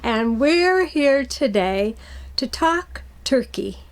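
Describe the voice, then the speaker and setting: Middle-aged woman, children's storyteller, gentle, patient, teacherly, slow, fairly high voice. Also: lively intonation. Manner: gentle, patient, teacherly, asking kids questions.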